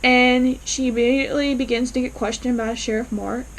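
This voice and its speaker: Woman, casual episode recap, animated storyteller, fairly high voice. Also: normal speed, low-quality recording. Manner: animated, acts out characters' lines in quotes. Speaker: TV episode reviewer.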